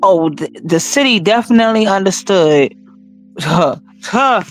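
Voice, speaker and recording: A woman hosting a casual news commentary vlog, talking straight to her viewers in an animated, emphatic, slangy way. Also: mid-range voice, measured pace, faint music behind. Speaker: channel host and news commentator.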